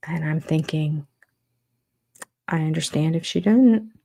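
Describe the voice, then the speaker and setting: A woman's voice: low voice, measured pace, creaky, mellow. An older woman hosting a casual livestream, chatting and reacting aloud as she reads viewer comments and a list of supporters' names. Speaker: channel host.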